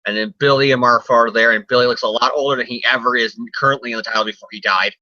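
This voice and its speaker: Bright-voiced rambling man. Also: medium pitch, fairly even intonation, rapid-fire, no room sound. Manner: rambling, swears often, jokey. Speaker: co-host reviewing comics. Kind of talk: casual chat. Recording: dull lo-fi sound, dry.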